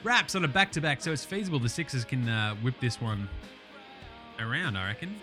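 A man's voice: mid-range voice, expressive, brisk, pushed and bright, soft background music. A young Australian man hosting a casual basketball podcast, rattling off stats with jokes, swearing and lots of fillers. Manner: profane, jokey and enthusiastic, with many fillers. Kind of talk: casual sports recap podcast.

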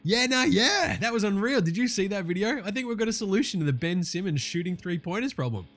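Host: Australian man, lively up-and-down delivery, profane and excitable sports chatter. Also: high-pitched, fast talker, faint music behind. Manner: profane, excitable, laughing rants. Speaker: podcast host. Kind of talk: casual sports podcast chat.

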